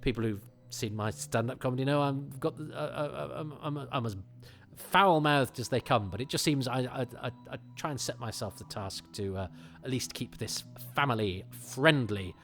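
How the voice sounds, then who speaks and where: Faint music plays behind a middle-aged Englishman hosting a podcast, his voice medium in pitch, a bit bright, at a moderate pace. He chats loosely and rambles, breaking off and restarting often with plenty of fillers.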